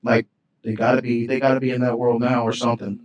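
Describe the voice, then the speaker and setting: A man's voice: medium pitch, flat delivery, quick pace, echoey room, recorded from a distance, lo-fi sound. A man co-hosting a casual podcast, rambling and repeating himself, dropping slang like "you feel me". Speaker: podcast co-host. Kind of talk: casual chat.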